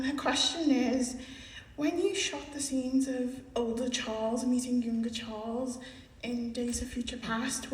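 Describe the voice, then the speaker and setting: A woman's voice: on the high side, slight background noise. A woman fan reading out a friend's question at a convention panel, polite and slightly hesitant. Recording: roomy hall, distant mic.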